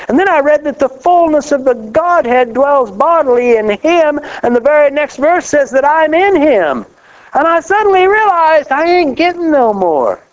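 Male preacher, very high voice, lively folksy sermon, dull lo-fi recording. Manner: animated, folksy preaching with laughs and rising exclamations.

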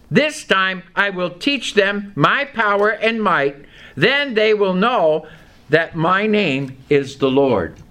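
A man's voice: high voice, pushed and bright. A man teaching a Bible study, reading scripture aloud and explaining it with questions to his listeners.

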